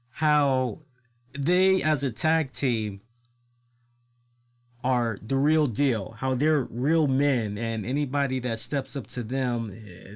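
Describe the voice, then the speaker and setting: A man hosting a casual wrestling podcast who swears freely, laughs often and tells stories with lots of energy. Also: mid-range voice. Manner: animated, profane, laughs often. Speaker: podcast host.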